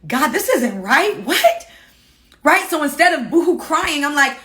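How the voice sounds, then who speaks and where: Woman vlogging about her life, lively and blunt, bright forceful voice, pitched a bit high. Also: measured pace. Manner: animated, emphatic, candid with swearing. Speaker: author and coach. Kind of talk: casual storytelling to viewers.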